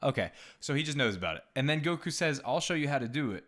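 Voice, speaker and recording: A man's voice: medium pitch, big pitch swings, fast talker, fairly bright tone. A man co-hosting a casual podcast, joking and bantering playfully. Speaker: podcast co-host.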